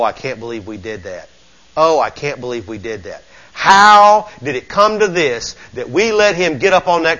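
A man's voice: medium pitch, sharp tone, low-quality recording. A man voicing a male devil in panic, wailing and frantic about his defeat.

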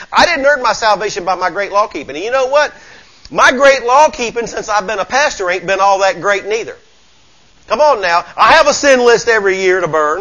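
Southern pastor guy preaching, folksy and emphatic, high bright voice, kinda muffled lo-fi recording. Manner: folksy, emphatic preaching with call-outs to the congregation. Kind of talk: sermon.

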